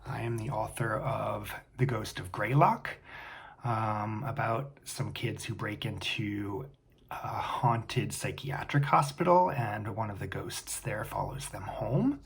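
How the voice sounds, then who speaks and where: A man, a children's book author, casually introducing himself and his books in a relaxed way. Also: lowish voice, slow, vocal fry, husky. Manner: relaxed, with ums and uhs.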